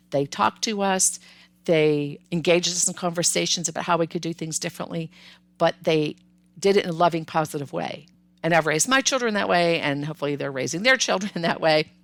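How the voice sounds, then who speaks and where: An older woman hosting a parenting podcast, giving advice in a calm, firm, instructive way with repeated emphasis. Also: lowish voice, normal speed, gravelly, no room sound.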